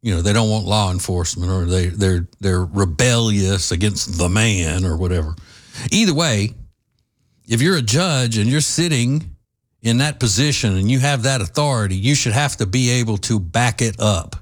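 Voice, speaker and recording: A man hosting an opinion commentary monologue, forceful in his views yet halting, with many fillers and some dry sarcasm. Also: on the low side. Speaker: host.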